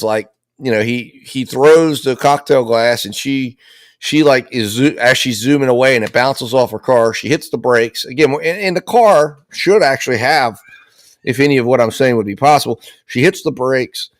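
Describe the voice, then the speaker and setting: A man's voice: medium pitch, no echo, clean studio sound. A man giving casual, rambling commentary on a criminal trial, with lots of restarts and repeated words.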